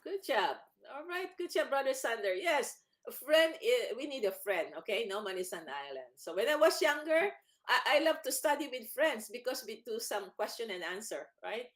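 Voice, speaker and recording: A woman hosting a church children's program, encouraging and quick to laugh, with frequent restarts. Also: fairly high pitch, sing-song, fairly bright tone. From United States. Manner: speaks haltingly, restarting words. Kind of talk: casual teaching chat over a call.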